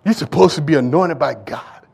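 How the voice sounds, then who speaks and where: A man voicing a merciless, self-righteous Pharisee who accuses a woman in a low, quiet, contemptuous tone. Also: animated, normal speed, vocal fry, slightly rough, heavily acted. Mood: indignant.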